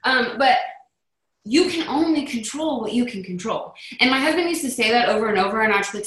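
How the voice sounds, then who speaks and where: A woman's voice: a little high, expressive, fairly quick, roomy sound, poor audio. A woman leading a motivational team call in a chatty manner, acting out the voices she quotes. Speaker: network marketing team leader.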